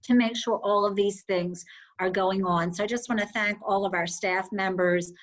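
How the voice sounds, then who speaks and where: A woman addresses a school board meeting in an earnest, measured way. Her voice sits at a medium pitch. She speaks as the superintendent, warm with feeling but steady. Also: poor audio. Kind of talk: formal meeting remarks.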